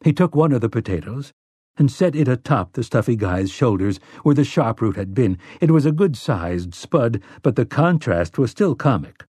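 A man narrating an audiobook in a measured, steady storytelling manner. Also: medium pitch, husky, no room sound. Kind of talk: scripted narration.

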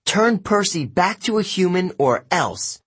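A fierce, clever teenage heroine, voiced by a man reading aloud speaks sharp and commanding. The voice sits raised over a breathy husk, with a lively, swinging pitch. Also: a little slow, exaggerated voice.

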